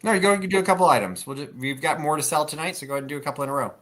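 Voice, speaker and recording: A man co-hosting a live online auction, quick and practical as he keeps track of the bids and the chat. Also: on the high side, fairly bright tone. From South Jersey. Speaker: auction co-host.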